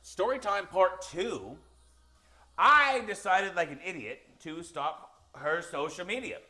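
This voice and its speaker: A man co-hosting a podcast, telling a long anecdote in a casual, animated way and acting out the quotes. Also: sits high, takes it slowly, faint music behind. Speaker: podcast co-host. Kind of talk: casual storytelling.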